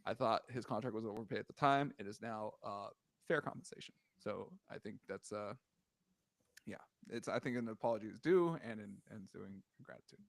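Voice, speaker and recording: A man's voice: on the low side, a little fast, creaky, no echo. A man co-hosting a casual sports podcast, ranting, swearing and exasperated as he talks through the news. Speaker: podcast co-host.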